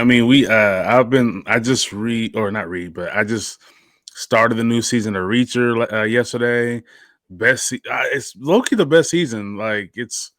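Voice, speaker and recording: A man co-hosting a podcast in casual chat, laid-back and slangy, with his deeper morning voice. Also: a bit bright, no room sound, studio quality. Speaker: podcast co-host.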